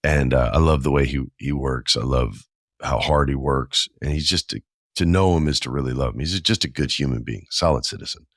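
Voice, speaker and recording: A man's voice: very deep voice, fairly quick, dry recording, clean studio sound. A man in his forties hosting a solo podcast, telling stories in an enthusiastic, conversational way with slangy asides. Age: 40s. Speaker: podcast host. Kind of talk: casual solo podcast monologue.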